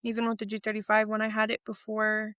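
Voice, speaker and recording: A young adult woman, an interview guest, telling stories in a lively casual way and acting out what people said. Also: mid-range voice, fast, dry recording, clean studio sound. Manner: animated, acts out quotes with laughs.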